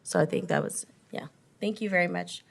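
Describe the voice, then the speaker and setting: A woman chairs a council meeting with a lowish, gravelly voice. She is polite but hesitant, and she fills her sentences with ums as she calls the next speaker. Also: wildly swooping pitch, fairly quick. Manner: polite, hesitant, many fillers. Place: council chamber.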